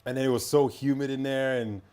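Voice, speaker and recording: A man's voice: medium pitch, steady tone, fast talker, a little mellow, smooth. A Canadian-raised man chatting on a podcast, telling a long rambling story with many restarts and asides. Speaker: podcast guest. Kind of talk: casual podcast chat.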